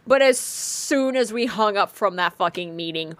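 A young woman telling a work story in casual chat, animated and swearing freely, acting out what she said. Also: mid-range voice, moderate pace, no echo.

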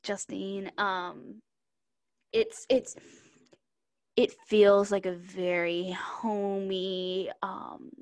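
A woman's voice: medium pitch, flat delivery, extremely slow, no echo, studio quality. A woman co-hosting a podcast in casual chat, rambling and searching for the right word. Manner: rambling, searches for words, repeats herself. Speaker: podcast co-host.

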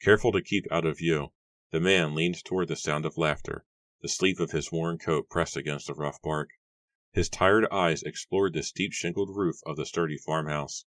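A man narrating an audiobook in a steady, measured reading style. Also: extremely low pitch, no echo.

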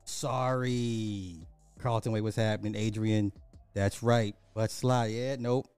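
A man who is sick hosts a live radio show in a loose, rambling way, repeating lines and swearing as he gets excited. His voice is mellow and dark, recorded dry and close, with faint music underneath. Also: lowish voice, slow, smooth, no echo.

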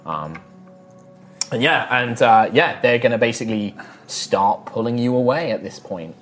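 A man narrating as game master of a tabletop game, in a relaxed style full of fillers. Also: mid-range voice, normal speed, soft background music.

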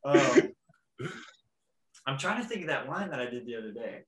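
A man's voice: medium pitch, big pitch swings, moderate pace. A young man hosting a podcast in casual chat, rambling, laughing and trying out impressions. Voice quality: describes own voice as weaselly. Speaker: podcast host. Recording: echoey room.

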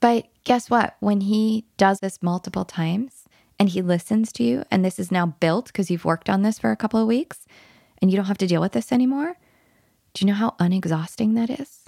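A woman parenting coach who talks emphatically and dips into a hushed whisper when she models soothing words to a child. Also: medium pitch, a little fast, gravelly, dry recording, studio quality.

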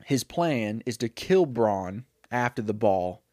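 Sex: man. Role: podcast co-host. Style: casual, rambling storytelling with fillers. Sound: mid pitch, dry close mic. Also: lively intonation, takes it slowly, darkish tone, no room sound. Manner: rambling, chatty, full of fillers and self-corrections. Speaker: podcast co-host retelling a made-up movie.

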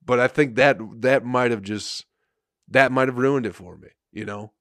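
Profane, laughing comedian telling a story. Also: male voice, mid-range voice, normal speed, dry recording, clean studio sound. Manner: profane, animated, rambling with frequent laughs. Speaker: comedian and podcast host. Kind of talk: casual storytelling monologue.

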